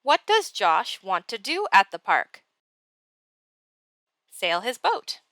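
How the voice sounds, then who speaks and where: Brief: patient woman teacher, bright, clear voice, dry close sound, guiding a class step by step. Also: mid-range voice, big pitch swings, no room sound. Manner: slow, patient step-by-step explaining. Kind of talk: classroom tutorial and read-aloud.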